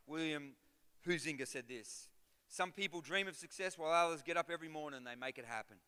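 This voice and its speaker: A middle-aged man preaching a sermon as a guest pastor, telling a story with animation and building to loud, rhythmic exhortation. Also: a little high, fast talker, clear, resonant tone. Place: church auditorium. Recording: reverberant church hall.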